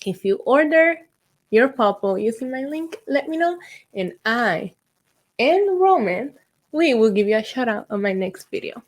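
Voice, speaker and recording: A young woman from Puerto Rico hosting her own vlog, chatting and telling a spooky story in an excitable way, with ums and asides. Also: on the high side, a little slow. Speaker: YouTube host.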